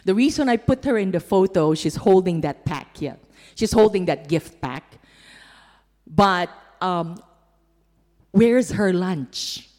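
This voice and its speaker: A woman's voice: on the low side, animated, takes it slowly, darkish tone, big-room sound. A woman giving a heartfelt church testimony about mission work while showing slides, her storytelling emotional and sincere.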